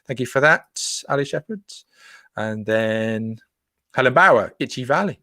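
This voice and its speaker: A man's voice: mid-range voice, expressive, unhurried, pushed and bright, dry recording, clean studio sound. A man hosting a casual live stream, reading out viewer comments in a chatty, playful way. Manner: chatty and playful, jokes with listeners. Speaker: host.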